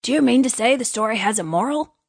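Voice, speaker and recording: A woman's voice: fairly high pitch, expressive, fast talker, vocal fry, slightly rough, exaggerated voice. A woman voicing a blunt, grumpy male rat in a storybook reading. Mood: indignant. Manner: blunt, indignant questions.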